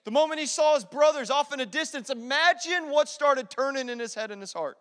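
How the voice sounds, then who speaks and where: A male pastor preaching a sermon in an energetic, conversational way, repeating key phrases. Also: extremely high pitch, fairly quick, few pauses. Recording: long hall reverb.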